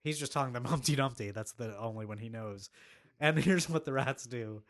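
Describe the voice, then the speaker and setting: A man's voice: mid-range voice, normal speed, fairly bright tone. A man hosting a podcast in a chatty, giggly, storytelling way. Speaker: podcast host. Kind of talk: casual chat.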